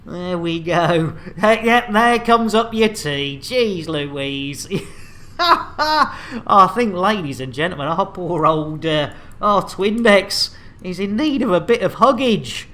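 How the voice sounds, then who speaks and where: A man's voice: sits high, very animated, slow pace, sharp tone. A man casually bantering while streaming a game, rambling and joking with laughs. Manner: jokey, rambling, laughs a lot.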